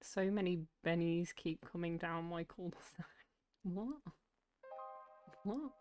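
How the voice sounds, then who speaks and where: A woman's voice: fairly low pitch, takes it slowly, a little mellow, faint music behind. Chatty woman on an art stream. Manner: chatty and self-mocking, giggly. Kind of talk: casual chat while drawing on a livestream.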